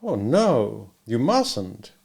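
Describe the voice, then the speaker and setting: A man voicing a shy, teasing young Russian woman who speaks softly and slowly in an audiobook. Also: medium pitch, big pitch swings, creaky, heavily acted. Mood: coy.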